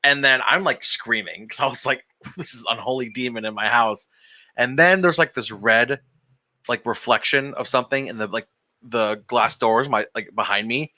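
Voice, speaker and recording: A man's voice: medium pitch, moderate pace, sharp tone. A young man, a podcast co-host, telling a long story in casual group chat, swearing and laughing as he goes.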